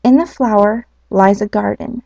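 A woman voicing a tiny, drowsy male bee in a storybook reading, speaking slowly in a small voice. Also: medium pitch, gravelly, warm tone, no echo. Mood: informative. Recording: dull lo-fi.

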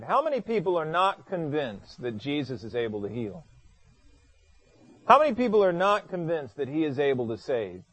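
A man preaching a sermon from scripture, praying in a hushed voice and acting out pleading lines with drama. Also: no room sound. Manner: hushed, low-voiced in prayer. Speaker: pastor. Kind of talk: sermon with scripture reading and prayer.

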